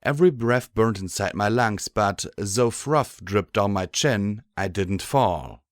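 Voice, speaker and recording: A man reading a fan fiction audiobook in a steady, measured way. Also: lowish voice, no room sound, clean studio sound. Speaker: audiobook narrator.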